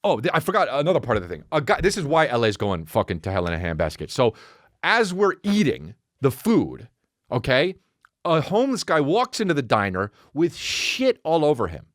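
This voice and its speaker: A man hosting a podcast, telling a comic story as a profane, animated rant that keeps interrupting itself. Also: mid-range voice, moderate pace, dry recording, clean studio sound. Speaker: podcast host. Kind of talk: comedic storytelling monologue.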